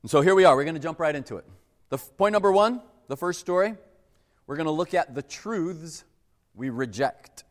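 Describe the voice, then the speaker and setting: Male pastor, slightly high voice, casual sermon delivery, long church-hall reverb. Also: lively intonation, brisk. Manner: conversational, acts out quoted voices.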